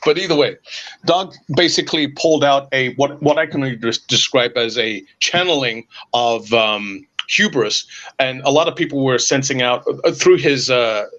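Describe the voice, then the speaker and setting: A man hosting a podcast, talking casually in an animated, sarcastic rant. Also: mid-range voice, moderate pace. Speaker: podcast host. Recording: dull lo-fi audio.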